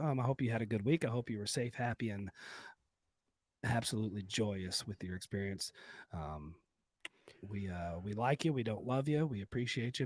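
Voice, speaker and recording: A man with a slightly husky voice rambles through crude jokes and show plugs as a podcast co-host. His delivery is loose and joking, full of fillers and restarts. The sound is dry and close to the mic. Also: on the low side, moderate pace, a little mellow, no room sound. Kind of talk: crude comedic podcast banter.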